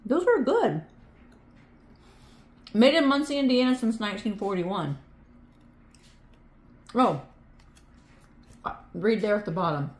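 A woman's voice: mid-range voice, expressive, slow pace, pauses often. A woman hosting a casual vlog, chatting playfully and musing aloud as she goes. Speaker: vlog host. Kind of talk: casual chat. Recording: echoey room with some background noise.

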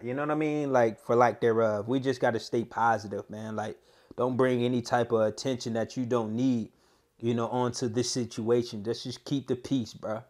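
A man hosts battle rap reaction commentary in slangy language, his voice swinging from low mutters up to high, heated yelling.

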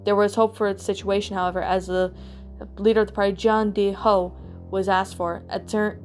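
A woman creepypasta narrator and reviewer who talks in a loose, rambling way, restarting and repeating herself. Her voice sits at an ordinary middle pitch. Faint background music plays under her. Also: flat delivery. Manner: rambling, repetitive, halting reading with restarts. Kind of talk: story reading, then casual review. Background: soft background music.

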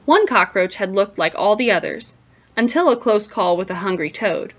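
A woman teacher reading a picture book aloud to children in an expressive storytelling way, pausing to ask them questions, on a dull lo-fi recording. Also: mid-range voice.

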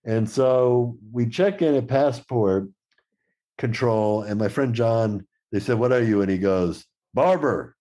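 A man's voice: mid-range voice, slow. A middle-aged man, a podcast guest, telling travel anecdotes in casual conversation and acting out the quoted exchanges. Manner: lively anecdotal storyteller who acts out quoted exchanges.

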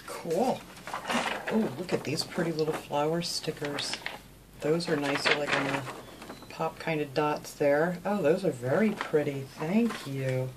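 In her home craft room, a craft channel host opens fan mail in a casual, chatty way, gushing over it and thanking viewers by name. Her voice is low-pitched and a little slow, with heavy background noise.

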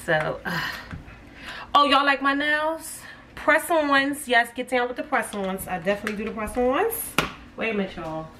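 A cooking vlogger with a slightly high voice and lively intonation talks at normal speed while cooking at home. She's chatty and calls her viewers "y'all," and the distant phone camera captures background noise.

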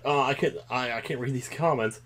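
A man giving casual, excitable commentary while playing a video game, breaking into loud outbursts. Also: mid-range voice, fairly quick. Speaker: let's play gamer.

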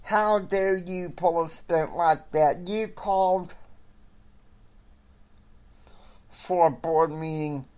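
A man voicing a furious young male CEO who shouts his tirades in a raised, loud voice. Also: animated, a little slow. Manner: shouting tirades, higher and louder than the narration.

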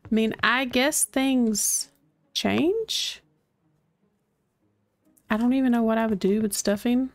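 A woman's voice: fairly high pitch, slow, long pauses, no echo. A woman streaming a cozy game, thinking aloud in casual, chatty commentary. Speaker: gaming streamer.

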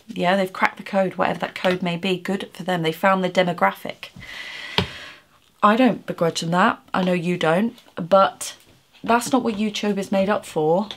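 A woman's voice: fairly low pitch, creaky. A woman talking straight to camera in an earnest, reassuring way, often restarting her sentences and sometimes close to tears. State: emotional, near tears at times. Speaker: YouTuber. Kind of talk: heartfelt direct-to-camera message.

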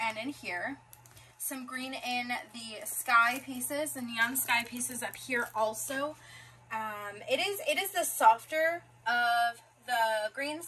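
A woman's voice: fairly high pitch, pushed and bright, low-quality recording. A woman in her twenties, chatting casually as she unboxes a craft kit and reads out long strings of numbers. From South Florida, US. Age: 20s. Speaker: craft vlogger.

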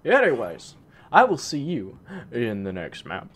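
A man's voice: mid-range voice, wildly swooping pitch, unhurried, husky. A young man giving live gameplay commentary into a desk microphone, rambling and self-mocking, with muttered asides. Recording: gunfire from the game audible. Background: game gunfire.

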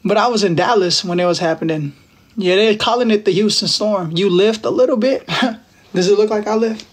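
Young guy from Texas, high pitched, playful slangy livestream banter, talking into his phone. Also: moderate pace. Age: 20s. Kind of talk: casual live-stream chat with viewers.

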